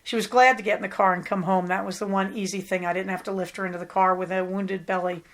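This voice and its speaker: Speaking quickly in a level, mid-range voice, this middle-aged Southern Californian woman hosts a podcast. It's casual chat, and she comes across as chatty, rambling, and warm with affection.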